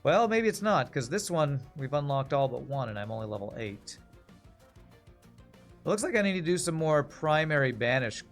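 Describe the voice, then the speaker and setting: A man from Texas chatting casually while streaming a game, thinking aloud and trailing off with fillers. His voice sits fairly high for a man, with faint music underneath. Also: very animated, normal speed. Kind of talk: casual gameplay commentary.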